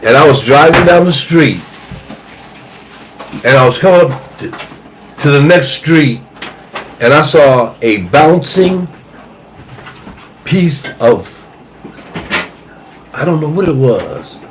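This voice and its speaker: A man's voice: a little high, animated, takes it slowly, long pauses, background noise. A man casually recounting a story and repeating key details as he goes. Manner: repeats himself while telling a story.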